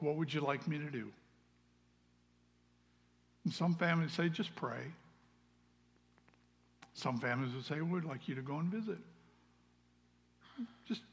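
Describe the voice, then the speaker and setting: A man preaching in a reverberant church hall. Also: mid-range voice. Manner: earnest, with swings from loud calls to hushed asides. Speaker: pastor. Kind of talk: sermon. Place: church sanctuary. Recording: long reverb of a large hall.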